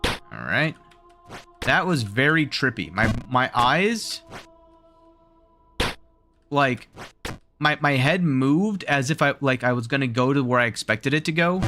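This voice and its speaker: A man with a Southern drawl giving live gameplay commentary, thinking aloud in rambling self-talk, his voice wearing out. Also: mid-range voice. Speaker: streamer.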